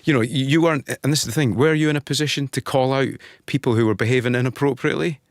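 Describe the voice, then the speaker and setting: A man's voice: mid-range voice, no room sound. A man hosting a radio interview from a studio microphone, asking questions and offering the guest support and encouragement. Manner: quick, warm-hearted, supportive interviewer. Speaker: radio host.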